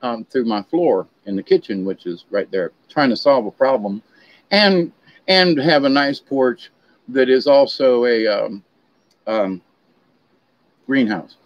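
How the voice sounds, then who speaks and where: This vlogger, a middle-aged man from Florida, rambles casually through his stories and keeps drifting off topic. He speaks slowly in a mid-range, animated voice, pausing often. The audio is dry and a little dull.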